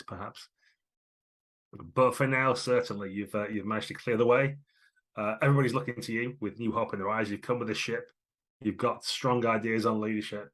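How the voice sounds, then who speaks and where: A man narrating as game master in a tabletop game, lively and wry. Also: lowish voice. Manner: lively, wry, quick asides.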